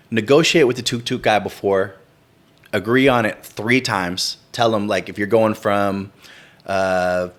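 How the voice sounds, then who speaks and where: A man's voice: on the low side, fairly bright tone. Laid-back male podcast guest, agreeable. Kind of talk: casual podcast chat.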